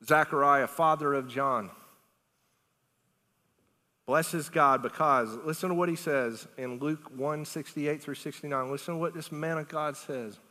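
A middle-aged male pastor preaching a lively, conversational sermon, asking the congregation questions and laughing often. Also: fairly high pitch, a little slow. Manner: animated, conversational preaching with big swings in loudness. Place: church sanctuary. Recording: long reverb of a church hall.

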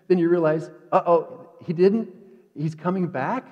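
A man preaching a sermon in a conversational way, dropping to quiet asides and rising to emphatic peaks. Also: sits high, moderate pace, breathy edge. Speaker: pastor. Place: church sanctuary. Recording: dull echoey church hall.

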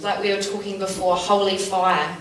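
A woman teaching a small church group, telling personal stories in an earnest, animated way with lots of fillers. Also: medium pitch, normal speed. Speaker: church speaker. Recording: roomy sound from a distant mic, faint background noise.

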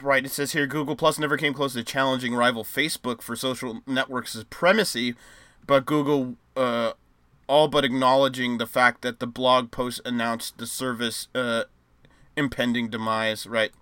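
A man's voice: medium pitch, fairly even intonation, moderate pace, bright, forceful tone, no room sound. A man co-hosting a casual podcast who reads news items aloud and rambles jokily, with many fillers. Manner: rambling, filler-heavy, jokey. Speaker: podcast co-host.

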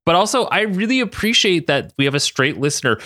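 A man's voice: fairly high pitch, very animated, fast talker, pushed and bright, no echo, clean studio sound. A young man co-hosting a podcast, chatting casually and laughing often as he reads listener mail. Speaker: podcast co-host. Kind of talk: casual chat.

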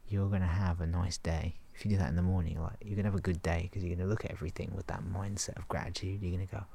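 A man talking in a relaxed, rambling way about self-awareness, laughing softly and acting out his inner thoughts. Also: low-pitched, very fast, creaky, a little hiss or hum. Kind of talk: relaxed casual monologue.

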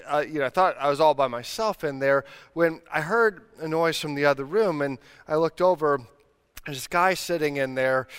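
A middle-aged male pastor preaching a sermon in a relaxed, conversational storytelling way, laughing at himself as he goes. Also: on the high side, clear, resonant tone. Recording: long hall reverb.

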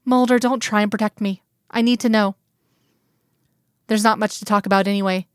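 Smooth-voiced woman reading a story. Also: mid-range voice, fairly even intonation, brisk, dry recording, clean studio sound. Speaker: reader. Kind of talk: fan fiction audiobook narration.

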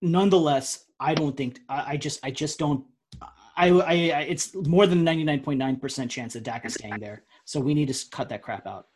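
Opinionated man with a husky voice. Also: fairly high pitch, normal speed. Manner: opinionated, emphatic. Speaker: podcast co-host. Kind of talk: casual sports podcast chat.

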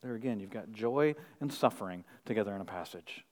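A middle-aged male pastor preaching a sermon, firing rhetorical questions and swinging from hushed, intimate moments to loud emphasis. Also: fairly low pitch, expressive, a little fast, big-room sound.

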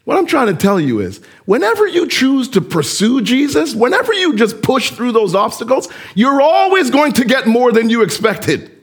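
A man preaching a sermon as pastor, animated and addressing the congregation with direct questions. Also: very high voice, normal speed, hardly any pauses, breathy edge.

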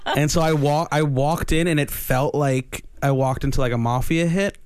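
A man's voice: on the high side, steady tone, moderate pace, noisy background. A man in his thirties telling a story in a laid-back way, with lots of fillers, as a guest in a casual chat. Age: 30s.

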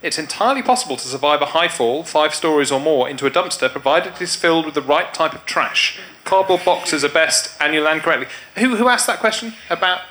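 A man's voice: fairly high pitch, lively intonation, brisk, few pauses, pushed and bright. A man, the show's producer, explaining the answers in a matter-of-fact way. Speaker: show producer giving answers. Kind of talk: live comedy panel show.

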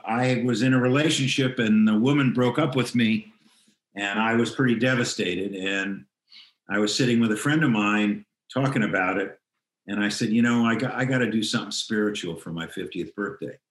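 A man's voice: mid-range voice, echoey room, rough recording. An older man telling a personal story as an interview guest, reflective, acting out the lines of people he quotes. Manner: reflective, acts out quoted dialogue. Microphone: video call.

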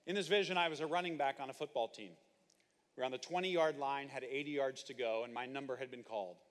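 A man preaching a sermon, telling stories with animated, comic asides. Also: medium pitch, fast. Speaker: pastor. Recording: hall reverb.

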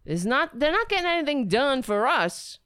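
A woman's voice: high-pitched, sing-song, moderate pace, a bit bright, dry recording, clean studio sound. A woman hosting a political commentary livestream, sarcastic and rambling, breaking into mocking impressions. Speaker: livestream host.

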